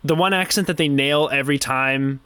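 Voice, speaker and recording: A man's voice: medium pitch, fairly quick, clear, resonant tone, no room sound. A man co-hosting a podcast, joking and telling stories in casual chat about a video game. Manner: joking, animated storytelling. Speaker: podcast co-host.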